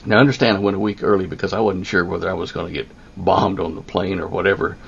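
An older man with a very deep, heavily gravelly voice, recounting a personal story in a halting way full of ums and restarts. The recording sounds somewhat dull and lo-fi, with a faint hiss of background noise. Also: fairly even intonation. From United States. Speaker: interviewee.

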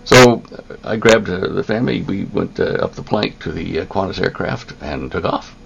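An older man telling a long personal story, halting, with many ums and restarts. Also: low voice, animated, creaky, dull audio, background noise. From United States. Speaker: interviewee.

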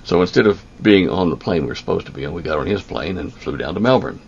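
Older texas guy, super gravelly deep voice, lots of ums and restarts, kinda muffled recording. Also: lively intonation, darkish tone, a little hiss or hum. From United States. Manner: halting, full of ums and restarts. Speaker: interviewee. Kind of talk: telling a personal story.

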